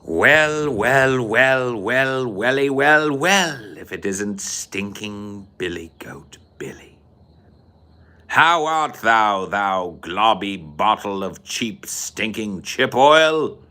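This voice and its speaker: A man playing a mocking young male thug, drawling old-fashioned taunts in a slow sing-song. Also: fairly low pitch, lively intonation, pushed and bright, full character voice. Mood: mocking menace.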